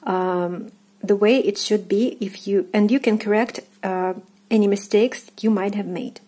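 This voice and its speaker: A woman's voice: medium pitch, fairly even intonation, dark tone, breathy edge. Russian-accented woman teaching pronunciation. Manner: patient, repeats each word slowly several times; frequent filler pauses. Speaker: language teacher. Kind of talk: online language lesson.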